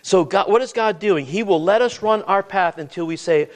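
A man's voice: high-pitched, moderate pace. A man preaching a sermon, with many questions to the listeners and repeated words.

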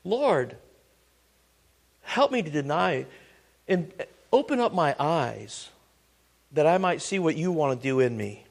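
A man preaching a sermon. He reads scripture slowly, asks his listeners rhetorical questions and builds to loud, emphatic exhortation. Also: on the high side, big pitch swings, creaky.

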